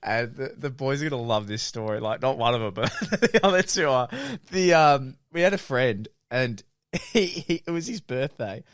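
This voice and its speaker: A man's voice: normal speed, no echo, studio quality. A man co-hosting a podcast, telling a funny story with lots of laughing and acted-out quotes from his friends. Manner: animated, laughs through his own story; acts out friends' lines in lowered quoted voices. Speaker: podcast co-host. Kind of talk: casual storytelling chat.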